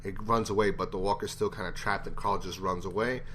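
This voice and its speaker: Man, casual tv review, rambling and blunt, swears freely, lowish voice. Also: steady tone, brisk, a bit bright, a little hiss or hum. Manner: blunt, profane, rambling opinions. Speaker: TV show reviewer.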